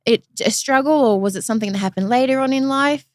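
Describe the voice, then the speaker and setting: A woman hosts a casual podcast interview, her voice sitting a little high as she gushes with enthusiasm and fills her chat with "like". The sound is dry and close. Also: quick pace, no room sound. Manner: gushing, enthusiastic, says "like" a lot. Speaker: podcast host.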